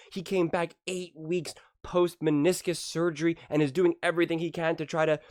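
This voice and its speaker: A man hosting a sports talk show, reacting to clips in a heated, animated rant that keeps repeating itself and climbs high when he gets indignant. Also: no echo, studio quality. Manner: heated, talks fast, repeats himself, rises to shouting pitch when indignant.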